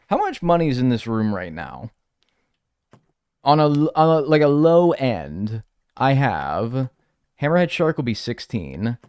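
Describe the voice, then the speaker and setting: A man's voice: medium pitch, sing-song, a little slow, darkish tone, smooth, no echo, studio quality. A young man streaming a game, chatting casually in a rambling, joking and crude way. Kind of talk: casual gaming stream chat.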